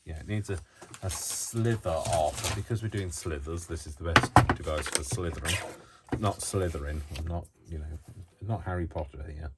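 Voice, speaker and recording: A man with a low voice chats his way through a crafting tutorial. He wanders off into self-mocking asides. His faulty microphone buries the voice in loud noise. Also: moderate pace. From United Kingdom. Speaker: crafting channel host.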